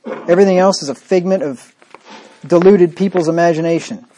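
A man's voice: sits high, fairly quick, mellow. A man preaching a sermon, emphatic and repetitive, with a sarcastic, mocking edge. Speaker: pastor.

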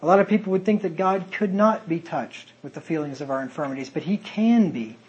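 A man preaching an earnest sermon and reading Bible verses aloud in old-fashioned wording. His voice is husky and sits a little high. He talks the way a pastor does from the pulpit. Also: fairly quick, darkish tone, lo-fi sound.

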